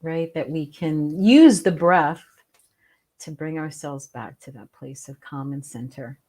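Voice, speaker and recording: A woman hosting a casual conversation, speaking gently and reflectively and guiding listeners through calm breathing. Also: sits low, unhurried. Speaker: host, spiritual teacher. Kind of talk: casual conversation on a video call.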